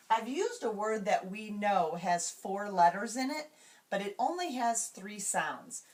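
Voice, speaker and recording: A woman explaining classroom reading routines to teachers, slowly and carefully, and modeling each word sound by sound. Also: medium pitch. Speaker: teacher trainer.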